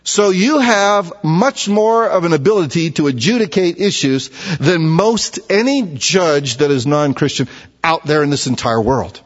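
Husky-voiced male preacher in a hall. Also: fairly high pitch, expressive, unhurried. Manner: conversational preaching with rhetorical questions and repetitions. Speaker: pastor. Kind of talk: sermon. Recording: dull, echoey church hall recording.

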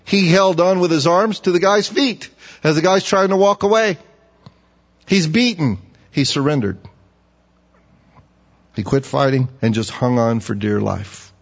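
A man preaching a sermon, asking his listeners questions and getting animated when he acts out a pleading voice. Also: a little slow, creaky, long pauses. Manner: animated, rising high when acting out pleading; asks the audience questions. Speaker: pastor. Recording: dull, echoey hall.

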